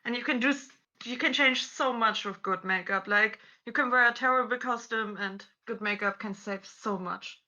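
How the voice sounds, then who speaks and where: Woman cosplay guest, non-native English accent, high and very bright voice, chatty storyteller. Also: normal speed, few pauses, highs cut off. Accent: non-native English speaker. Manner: chatty, storytelling, many "like" fillers. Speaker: guest cosplayer on a convention panel. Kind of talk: casual chat. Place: convention panel stage.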